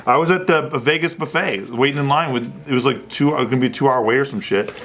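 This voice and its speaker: A man's voice: mid-range voice, quick pace, fairly bright tone. Self-deprecating man telling a story. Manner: self-deprecating, rambling with restarts. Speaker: podcast co-host. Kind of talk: casual storytelling.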